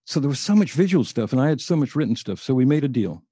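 An older man, a podcast guest, telling anecdotes in an animated, storytelling way. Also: medium pitch, fast talker, breathy edge, no room sound, clean studio sound. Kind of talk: podcast interview.

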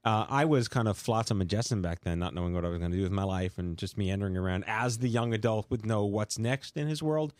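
A man's voice: fairly low pitch, fast talker, few pauses, dry recording. A man with a New York accent hosting a casual talk show, rambling and correcting himself as he goes. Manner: rambling, self-correcting, playful. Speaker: podcast host.

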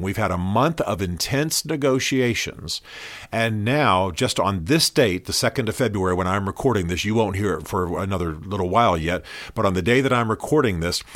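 A man's voice: fairly low pitch, fairly bright tone, dry recording, studio quality. A man hosting his own podcast, talking through current events in a blunt, opinionated, conversational way with fillers. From United States. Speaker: podcast host. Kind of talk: solo podcast commentary.

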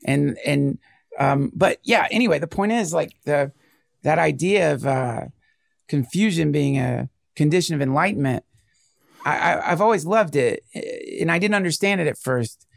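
A man in casual conversation, talking in a rambling, animated way and often breaking off mid-thought. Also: on the high side, moderate pace, gravelly, dry recording, studio quality. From United States. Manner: rambling, animated, self-interrupting.

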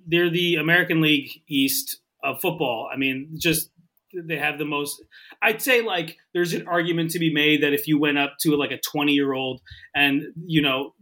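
Guy rambling and stumbling over his words, real bright sharp tone, kinda high. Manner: rambling, halting, laughs often. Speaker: podcast guest. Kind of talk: casual chat.

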